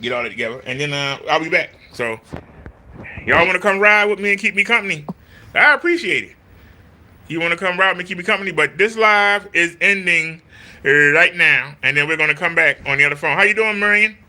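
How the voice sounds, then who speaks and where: A man speaks in a bright, high voice, lecturing his live-stream viewers. His talk is preachy and repetitive. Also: expressive, brisk. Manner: mimics voices in quotes. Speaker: vlogger.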